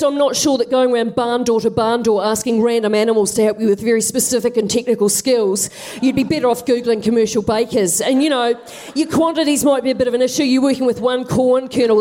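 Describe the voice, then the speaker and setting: A woman's voice: fairly high pitch, fast talker, few pauses, dark tone, natural voice. A woman doing a lecturing know-it-all rooster. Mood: condescending. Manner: lecturing, condescending. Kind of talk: comic storytelling on stage.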